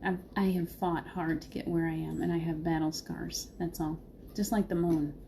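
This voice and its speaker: A woman's voice: low voice, steady tone, normal speed, gravelly, warm tone, slight background noise. A middle-aged woman hosting a heartfelt live spiritual talk, laughing often and answering viewers by name.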